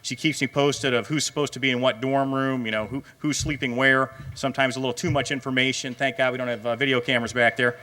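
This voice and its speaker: Man, middle-aged, awards emcee, rambling with fillers, crisp bright tone. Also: mid-range voice, steady tone, fast talker, few pauses. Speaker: director of racing, emcee. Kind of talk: awards banquet speech.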